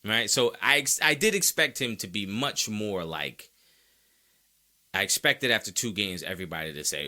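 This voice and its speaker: A man's voice: on the low side, lively intonation, moderate pace, bright, forceful tone. A man hosting a sports podcast, talking casually and playfully about football stats and now and then mock-quoting fans in exaggerated voices. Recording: mic close by.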